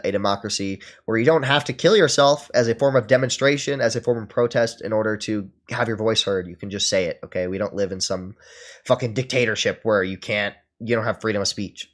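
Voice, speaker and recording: A man's voice: lowish voice, a little fast. Profane sarcastic male streamer. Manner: profane, sarcastic, lots of fillers. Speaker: streamer reacting to a podcast. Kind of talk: casual ranting commentary.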